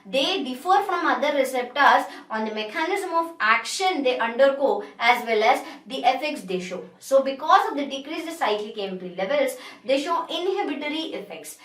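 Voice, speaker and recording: A woman with an Indian English accent lectures on pharmacology, explaining step by step and often restating her points. Her high voice is expressive and a bit bright, at a moderate pace with few pauses, recorded in an echoey room on a distant mic.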